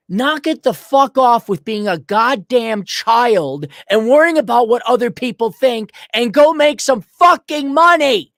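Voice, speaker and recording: A man's voice: very high voice, no echo, studio quality. A middle-aged man hosting a ranting commentary, blunt, profane and mocking, with sarcastic put-on voices. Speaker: host.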